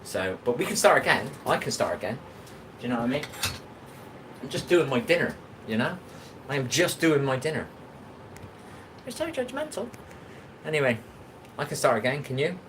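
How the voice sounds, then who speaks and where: A man's voice: medium pitch, lively intonation, a little fast, long pauses, a bit bright, slight background noise, rough recording. An English man hosting a casual livestream while he cooks, rambling and talking back to chat comments. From England. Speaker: livestream host.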